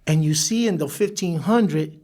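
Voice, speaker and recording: A man as a podcast guest, telling his life story in an animated way, laughing and acting out the people he quotes. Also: on the high side, moderate pace. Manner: animated, laughs through stories, acts out quoted voices. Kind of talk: storytelling interview.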